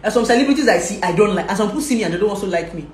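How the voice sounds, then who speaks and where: Nigerian-accented young woman, talkative vlogger, lively advice chat; roomy, echoey recording. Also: medium pitch, very fast. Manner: lively, talkative, laughs often, slips into Pidgin. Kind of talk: casual advice vlog.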